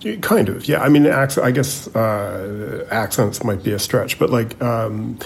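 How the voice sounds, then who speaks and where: A man's voice: lowish voice, lively intonation, a little slow, vocal fry, a little hiss or hum. A man co-hosting a podcast, talking in a casual, hesitant way full of fillers and restarts. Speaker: podcast co-host. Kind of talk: casual chat.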